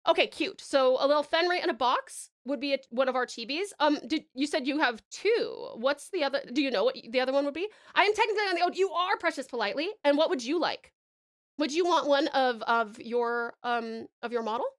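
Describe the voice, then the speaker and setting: A woman's voice: sits high, brisk. Giggly chatty woman streamer. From Australia. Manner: chatty, giggly, talks to chat while working. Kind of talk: casual live-stream chat.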